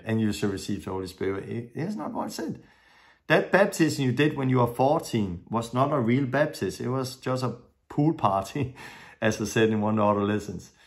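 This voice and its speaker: Earnest preacher with English. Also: male voice, mid-range voice. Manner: earnest, storytelling, non-native English with grammar slips. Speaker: preacher teaching a lesson. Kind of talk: sermon-style teaching with stories.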